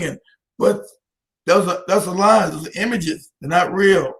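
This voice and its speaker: High, bright-voiced emphatic man. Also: a little slow. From United States. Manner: emphatic, repeats himself, laughs between points. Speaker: guest. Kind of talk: heated interview talk.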